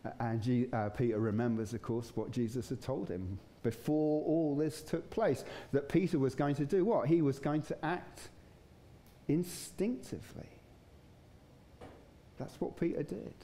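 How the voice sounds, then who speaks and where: A man's voice: mid-range voice, measured pace, warm tone, slight background noise. A man preaching a sermon in a casual, conversational way, chuckling now and then. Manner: conversational, chuckling, acts out voices in stories. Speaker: pastor. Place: church.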